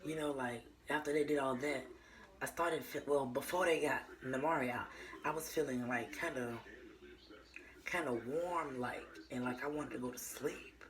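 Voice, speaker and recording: A woman's voice: rumbling low, moderate pace, low-quality recording. Chatty young woman vlogger telling a story. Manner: chatty and meandering, with many fillers and restarts; addresses viewers as y'all. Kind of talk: casual storytime.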